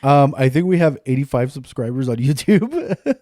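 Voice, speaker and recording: A man's voice: mid-range voice, big pitch swings, moderate pace, mellow, no echo, studio quality. A middle-aged man co-hosting a podcast in casual chat, talkative and self-deprecating. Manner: chatty, self-deprecating, rambling restarts. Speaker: podcast co-host.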